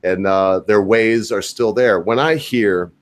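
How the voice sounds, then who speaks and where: A low-voiced American man hosts a live stream in a rambling, casual way. He swears freely and drops jokes into the chat as he talks with his guest. His voice sits a little lower than most men's. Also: slow pace. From United States. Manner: rambling, profane, jokey banter.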